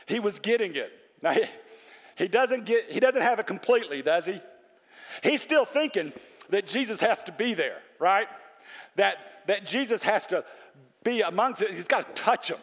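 High-voiced preacher in a reverberant hall. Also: male voice, moderate pace. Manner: animated preaching, quotes scripture, asks the congregation questions. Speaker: pastor. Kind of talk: sermon.

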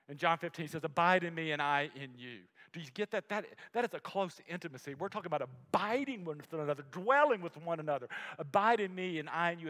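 A man preaching a sermon, swinging from loud emphasis to a hushed near-whisper and slowing down to stress key words. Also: high voice. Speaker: pastor. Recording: long hall reverb.

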